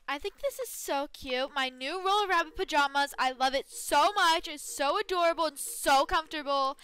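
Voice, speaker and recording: A woman with a very high, bouncing voice hosts a gaming video, narrating a playful role-play. She talks in a bubbly, chatty way, sprinkling in "like" and "literally". Cheerful game music plays underneath her. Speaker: gaming channel host. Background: background game music.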